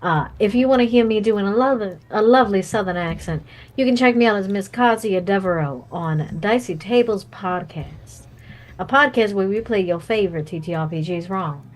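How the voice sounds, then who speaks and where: A woman's voice: mid-range voice, normal speed. A woman who plays in a tabletop game stream, chatting playfully as she plugs her channels. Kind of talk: casual chat, plugging her channels.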